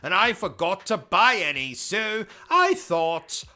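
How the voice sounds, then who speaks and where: A man's voice: sits high, huge pitch swings, slow pace, sharp tone. A man with a British accent hosting a gaming livestream, ranting in a pompous, insulting, theatrical comic manner. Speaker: gaming YouTuber. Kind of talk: comedic livestream rant.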